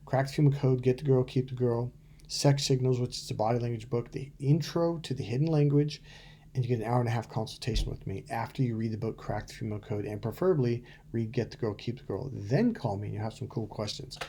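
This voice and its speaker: This middle-aged dating coach speaks to camera bluntly and with plenty of profanity, telling stories and acting out quotes in casual coaching talk. His mellow, medium-pitched voice moves fast, and there's a slight hiss or hum on the track.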